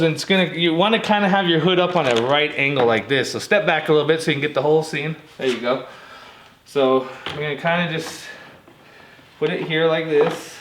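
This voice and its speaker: Chatty man with a higher voice, roomy garage sound. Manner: relaxed and chatty, addresses viewers as guys. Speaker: DIY vehicle tutorial host. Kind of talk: casual hands-on how-to walkthrough. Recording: roomy echo with faint noise.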